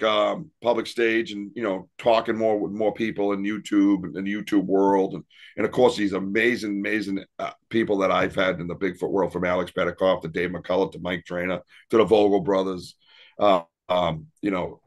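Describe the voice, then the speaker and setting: A man with a lowish voice tells his paranormal stories in a loose, rambling way. He laughs often and restarts his sentences as he goes. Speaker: paranormal investigator and podcast guest. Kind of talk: casual interview storytelling.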